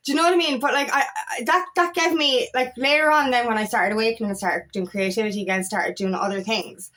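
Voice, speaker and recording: A woman's voice: a little high, fairly even intonation, fast, bright, forceful tone. A woman coach giving a motivational talk to camera, emphatic and blunt, swearing freely and repeating her points. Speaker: feminine empowerment coach.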